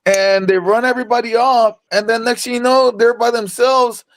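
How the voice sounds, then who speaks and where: A man's voice: very high-pitched, fairly even intonation, moderate pace, no room sound. A young man, tipsy from drinking, talking in a boastful, rambling way and stammering as he repeats himself in casual rowdy chat.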